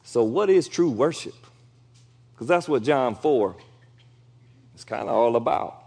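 A middle-aged man, a pastor preaching a sermon in a casual, animated way, acting out quotes in sudden loud high bursts. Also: unhurried, breathy edge.

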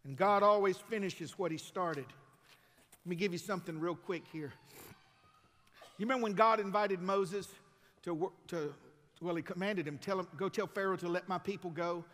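A man preaches a sermon from the pulpit, his voice sitting high. He swings between loud, ringing emphasis and easy, folksy asides. The sound carries a long reverb from a large church hall. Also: normal speed. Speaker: pastor. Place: church sanctuary.

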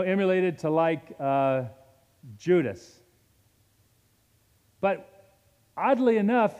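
Male pastor, slightly higher voice, dynamic sermon delivery, long church-hall reverb. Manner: dynamic preaching, swings from loud to hushed.

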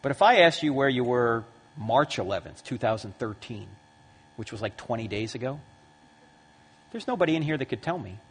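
A man in his fifties giving a lively talk to a live audience in a large hall, acting out the voices in his stories. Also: medium pitch, normal speed, husky. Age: 50s. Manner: lively storyteller who acts out quoted voices. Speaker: Christian apologetics speaker. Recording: long hall reverb.

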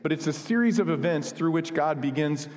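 A man's voice: a little high, lively intonation, a little fast, darkish tone. A man from the United States preaching a sermon, earnest and conversational, with asides and humor. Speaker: pastor. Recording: long hall reverb.

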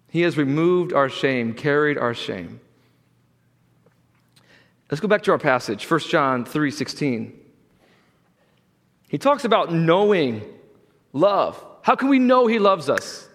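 A man preaching a sermon as pastor, earnest, swinging from loud pleas to quiet, hushed lines. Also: a little high, sing-song, slow, long pauses, in a large hall. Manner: earnest preaching, rising loud for quoted voices, dropping quiet.

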